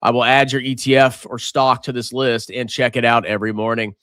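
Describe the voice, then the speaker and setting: A man hosting a casual market livestream, reading comments and reacting to prices in a jokey, animated way. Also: medium pitch, brisk, clean tone, dry recording. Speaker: finance livestream host.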